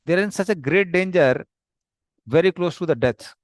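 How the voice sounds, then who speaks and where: A man's voice: sits high, expressive, normal speed, no echo, clean studio sound. A man voicing a group of young cowherds who lament in distress. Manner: lamenting, anxious.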